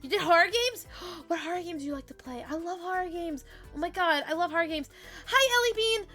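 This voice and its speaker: A woman's voice: extremely high pitch, brisk, fairly bright tone, soft background music. A woman VTuber streamer chatting casually while she plays, bubbly and playful, swearing freely as she greets her chat.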